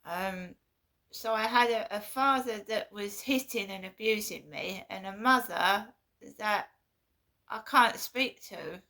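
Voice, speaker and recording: A woman vlogging in a casual monologue, halting and repeating herself with an aggrieved tone. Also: medium pitch, pushed and bright.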